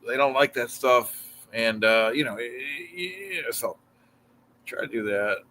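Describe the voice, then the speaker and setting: Calm, filler-heavy male stream host. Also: medium pitch, unhurried, a little hiss or hum. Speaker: livestream host. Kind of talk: casual livestream chat.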